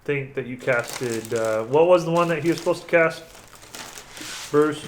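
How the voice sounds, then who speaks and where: A man running a tabletop game as game master, counting dice out loud and often correcting himself mid-sentence. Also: on the high side, measured pace, slight background noise.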